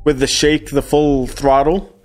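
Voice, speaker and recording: A man's voice: fairly high pitch, flat delivery, measured pace, darkish tone, soft background music. Laid-back male podcast host. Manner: hesitant, laughs often, restarts phrases. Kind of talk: casual interview chat.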